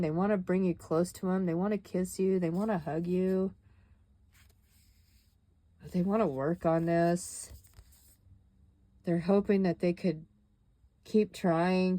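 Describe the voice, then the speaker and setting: Slow, low-voiced woman reading tarot. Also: a little mellow, no echo. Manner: musing and dramatic, with exclamations and sighs. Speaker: tarot reader.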